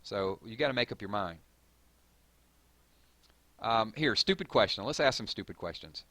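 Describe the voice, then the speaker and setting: A man with a Southern drawl hosting a live stream, reading viewer comments and hyping up his audience in a rambling, excitable way. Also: on the low side, normal speed, no echo. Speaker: gaming channel host.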